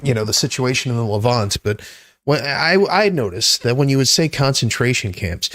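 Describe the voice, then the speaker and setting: A man hosting a livestream, chatting about politics in a rambling, halting way with many restarts. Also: mid-range voice, expressive, a bit bright, no echo, clean studio sound. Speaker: livestream host. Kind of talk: casual political chat.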